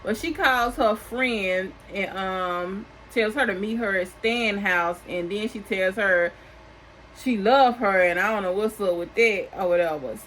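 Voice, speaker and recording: A woman's voice: medium pitch, unhurried, fairly bright tone, low-quality recording. Woman doing a sassy casual tv recap, aave, regular mid voice, a little hiss behind. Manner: chatty, sassy asides. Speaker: recap host.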